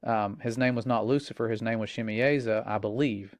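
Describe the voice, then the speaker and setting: A man's voice: medium pitch, steady tone, a little fast, no echo. A middle-aged man giving an earnest, grave Christian warning in a commentary.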